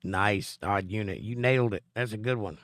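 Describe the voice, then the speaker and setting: A man's voice: on the low side, normal speed, a bit bright, no echo, studio quality. Chatty man reading live chat. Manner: joking, chatty, answers chat directly. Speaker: live stream host. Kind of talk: casual chat, reading viewer comments aloud.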